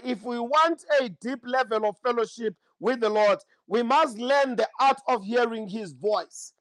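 A man's voice: extremely high pitch, a bit bright, no room sound, poor audio. A man delivering a fervent prophetic sermon and prayer, repeating praise phrases often. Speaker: preacher.

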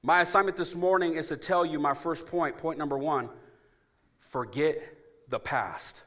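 A pastor delivers a sermon in a bright, forceful voice. He preaches emphatically and calls on the congregation to answer him. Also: fairly high pitch, steady tone, brisk. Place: church.

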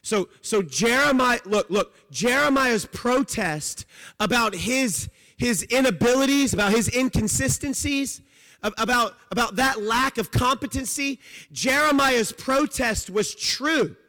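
A man preaching a sermon as pastor, emphatic, moving between loud declarations and quiet low phrases. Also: animated, unhurried, long reverb tail.

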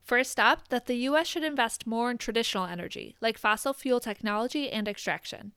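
A woman hosting an informational podcast, reading a script in an even, measured way. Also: on the high side, clean tone, no echo, clean studio sound. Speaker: podcast host.

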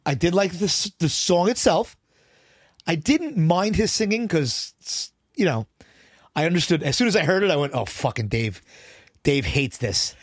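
A man co-hosting a podcast, chatting casually about songs with rambling restarts, swearing often, his voice hoarse and worn out. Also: high-pitched, animated, moderate pace, no room sound, clean studio sound. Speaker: podcast co-host. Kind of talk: casual chat about music.

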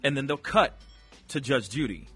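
A man hosting a radio show, chatting casually and addressing the listeners directly with slangy, animated talk. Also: mid-range voice, normal speed, slightly rough, soft background music. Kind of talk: casual chat.

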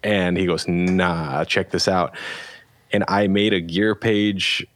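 A man with a very low voice, telling a relaxed, rambling story in casual chat. He acts out what people said. The sound is dry and close, with no room echo. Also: slow pace. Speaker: guest, pedal company founder.

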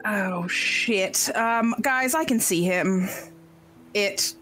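A woman's voice: medium pitch, extremely slow, a bit bright, faint music behind. A woman player in a tabletop game, chatty and full of "um" fillers. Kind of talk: casual tabletop play.

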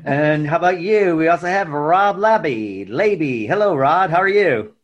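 A man co-hosting a podcast in casual chat, chatty and quick to laugh. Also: fairly high pitch, dull audio. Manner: lively, laughs easily, chatty. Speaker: podcast co-host.

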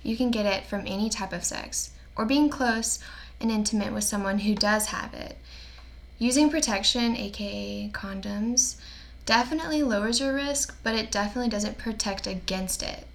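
A woman's voice: medium pitch, moderate pace, gravelly. A young woman co-hosting a podcast, chatting casually in a playful, joking and upbeat way. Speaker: podcast co-host. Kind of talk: casual chat.

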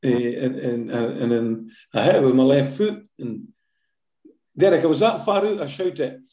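An older Scottish man, once a footballer, spins stories in a relaxed interview, packing his speech with fillers and tag questions. His mid-range voice is warm and moves at a normal speed, recorded in an echoey room.

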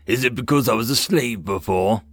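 A man's voice: medium pitch, moderate pace, no room sound, close to an everyday voice. A man voicing a proud young male knight with a brassy, blunt way of speaking.

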